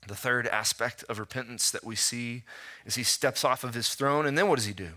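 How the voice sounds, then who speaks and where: A man in his thirties, a pastor preaching a sermon, who asks rhetorical questions and tells stories in a lively way. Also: mid-range voice, a little fast.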